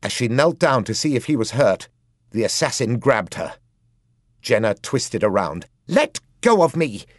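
A man narrating an audiobook with expressive storytelling. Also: lowish voice, normal speed, no room sound, studio quality. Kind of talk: scripted narration.

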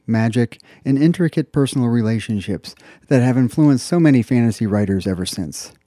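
Mellow-voiced male audiobook reviewer. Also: mid-range voice, dry recording, clean studio sound. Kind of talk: scripted review.

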